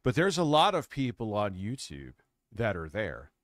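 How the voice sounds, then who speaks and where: Low-pitched man, dry close sound, scoffing stream commentator who laughs a lot. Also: wildly swooping pitch, moderate pace, dry recording. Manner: mocking, laughs often. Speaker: stream co-host. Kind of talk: casual commentary chat.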